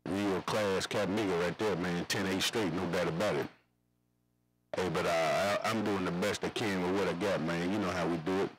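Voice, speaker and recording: A man's voice: sits low, fairly even intonation, normal speed, over music, rough recording. A man chatting over CB radio, rambling in slangy, repetitive radio lingo. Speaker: CB radio operator.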